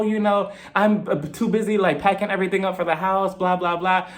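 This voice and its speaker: Fast-talking sarcastic male recapper. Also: fairly high pitch. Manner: sarcastic, animated, laughs often. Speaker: TV recap reviewer. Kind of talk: casual chatty recap.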